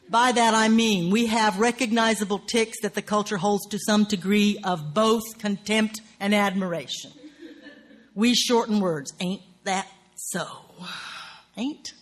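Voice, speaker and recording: A woman with a Southern US accent giving a writing workshop lecture in a salty, profane, animated way, laughing often. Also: mid-range voice.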